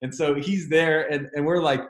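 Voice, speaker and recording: A man's voice: fairly high pitch, steady tone, normal speed, echoey room. A man preaching a sermon, telling a story with animation and quoting both sides of a phone call.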